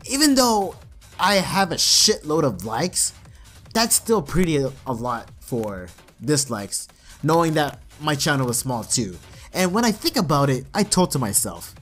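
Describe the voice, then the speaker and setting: A man's voice: a little high, unhurried, faint music behind. A man YouTuber delivering a profane, mocking comedic rant to his viewers. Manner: profane, mocking, animated ranting.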